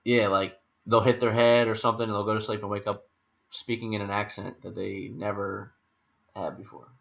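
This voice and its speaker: A man's voice: lowish voice, flat delivery, moderate pace, vocal fry. A man co-hosting a casual comedy podcast, talking loosely with lots of fillers and laughs. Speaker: podcast co-host. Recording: dull lo-fi podcast audio.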